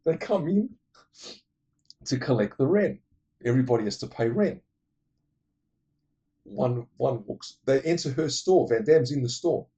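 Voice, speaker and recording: A man's voice: medium pitch, lively intonation, a little slow, long pauses, warm tone, slightly rough. A man casually retelling a movie plot for his film-ranking vlog, digressive, blunt and profane. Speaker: movie list vlogger.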